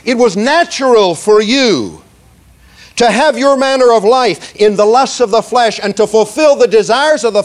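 Male preacher with a high voice, emphatic and slow on key words, checks in with the congregation. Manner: emphatic, slows down to stress words, leads the congregation in repeating lines; asks "okay?" and "see?" often. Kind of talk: sermon.

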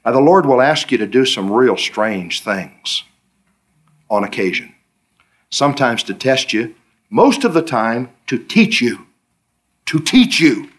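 A man's voice: sing-song, a little slow, long pauses. A middle-aged man preaching a sermon, telling stories and acting out his own back-and-forth questions with the Lord. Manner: storytelling, acts out dialogues with the Lord, pitch swooping high on questions.

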